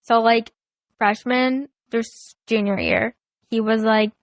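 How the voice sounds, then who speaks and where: A young woman guesting on a family podcast, telling stories in an animated way and saying "like" a lot. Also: on the high side, takes it slowly, no room sound. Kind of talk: casual family chat.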